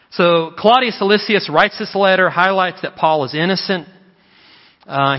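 A man pastor preaching a sermon in a church, telling stories in an animated way and acting out the quotes. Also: on the high side. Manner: animated storytelling with acted quotes. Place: church sanctuary. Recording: muffled sound with long hall reverb.

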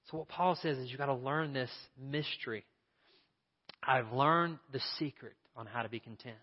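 A man preaching a sermon in an earnest, conversational way, asking his listeners questions as a pastor. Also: medium pitch. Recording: dull sound with long hall reverb.

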